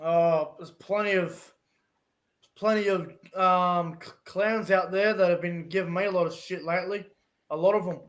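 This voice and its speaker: High-voiced Australian man ranting. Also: fairly bright tone. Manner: swearing, heated ranting. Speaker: podcast guest. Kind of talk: casual podcast rant.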